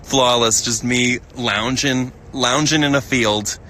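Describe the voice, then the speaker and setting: A man's voice: medium pitch, fairly even intonation, slow pace, sharp tone, a little hiss or hum. A young man hosting a casual live stream outdoors in a field, reading out chat messages with lots of giggles and filler words. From United States. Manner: chatty and giggly, many fillers and restarts. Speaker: livestream host reading chat.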